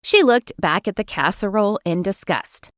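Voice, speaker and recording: A woman narrating a romance audiobook in an expressive storytelling manner, recorded close to the mic. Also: medium pitch, normal speed, dry recording. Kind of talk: scripted narration.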